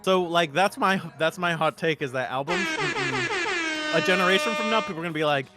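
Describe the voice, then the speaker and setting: A man chatting as a guest over a video call, rambling with deadpan jokes. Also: high voice, fairly quick, loud music behind the voice. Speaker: guest musician. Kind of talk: casual chat.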